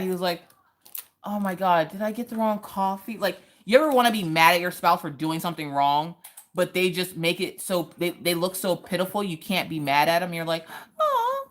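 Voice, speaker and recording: A woman hosting a casual craft livestream, chatting playfully, laughing often and reading viewer comments aloud. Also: lowish voice. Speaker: livestream host.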